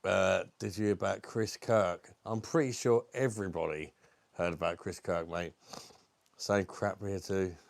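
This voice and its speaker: Casting note: British male streamer, lowish voice, dry close sound, chatty with a nagging cough. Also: steady tone, measured pace, vocal fry, dry recording. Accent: British English. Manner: chatty, greets viewers by name, swears casually. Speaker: livestream host reviewing beer. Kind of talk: casual live-chat stream.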